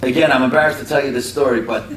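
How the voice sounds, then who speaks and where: Middle-aged male preacher telling stories with animated asides, recorded far off with a low rumble. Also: rapid-fire. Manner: conversational, animated storyteller with frequent asides. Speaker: speaker at a religious community talk. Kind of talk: storytelling sermon. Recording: echoey room from a distance, faint rumble.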